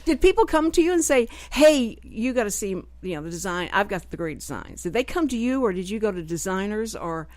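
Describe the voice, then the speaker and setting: A woman's voice: medium pitch, very animated, a little fast, few pauses, a little mellow, dry recording. A woman with a Texas accent hosting a radio talk show, chatting in a rambling, self-deprecating way. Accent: Texan. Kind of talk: casual chat. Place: radio studio.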